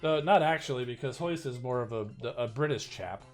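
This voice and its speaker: A man of middle pitch talks casually as a game streamer, easygoing and a little self-deprecating. Soft music plays quietly underneath. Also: brisk. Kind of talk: casual live-stream chat.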